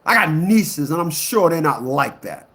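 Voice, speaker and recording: This man, an online commentator, addresses a live crowd in a sing-song voice at a measured pace. His monologue is blunt and emphatic, full of repetition, lurching between loud eruptions and low grumbling.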